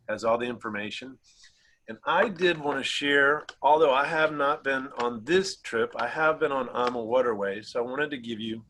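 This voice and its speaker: A man hosting a casual virtual travel presentation over a video call, friendly and relaxed with easy laughs. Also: mid-range voice, rough recording. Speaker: travel agency host.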